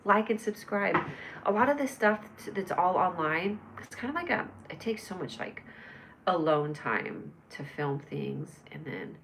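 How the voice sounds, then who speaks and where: A woman's voice: lowish voice, very animated, a little slow, a bit bright, slight background noise. A woman hosting a casual livestream, chatting in a bubbly, rambling way and answering her viewers by name. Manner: bubbly, rambling, reads chat comments aloud and answers viewers. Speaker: livestream host.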